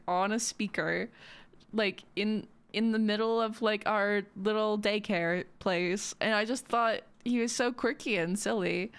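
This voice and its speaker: A woman's voice: mid-range voice, clear, resonant tone. A young woman streamer chatting casually with her viewers, giggly and full of "like" fillers. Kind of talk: casual live-stream chat.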